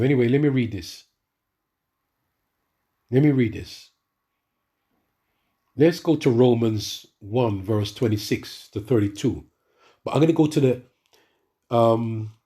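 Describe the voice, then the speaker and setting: A middle-aged man ranting in a monologue and reading scripture to the brethren, animated and repetitive, often stumbling over restarts. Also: mid-range voice, breathy edge. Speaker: religious speaker addressing the brethren.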